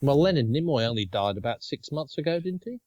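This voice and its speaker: A man's voice: mid-range voice, animated, fairly quick, darkish tone, no echo, dull audio. A man in his fifties with an Australian accent, co-hosting a casual chat podcast and laughing often. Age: 50s. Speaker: podcast co-host.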